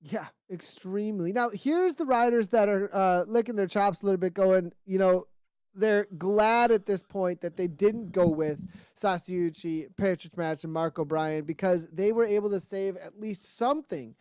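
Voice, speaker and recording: A man co-commentating a virtual cycling race, analytical, rising to loud urgency in the sprint. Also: high voice, moderate pace, clean tone, no room sound, studio quality.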